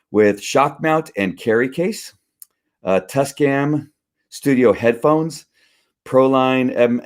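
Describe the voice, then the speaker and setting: A man in his home studio, rambling casually with many fillers while unboxing a gift on a live stream, a little out of breath. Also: medium pitch.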